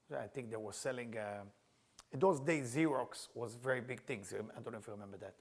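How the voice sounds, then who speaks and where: Gravelly Israeli-accented male teacher. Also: mid-range voice, fast talker. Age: middle-aged. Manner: animated, acts out dialogue, loud bursts. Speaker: Kabbalah teacher. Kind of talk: storytelling lesson.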